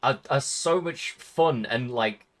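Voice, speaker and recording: A young English man from Britain, hosting a casual stream interview, excitable, swearing a lot and laughing often. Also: mid-range voice, slow pace. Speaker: streamer host.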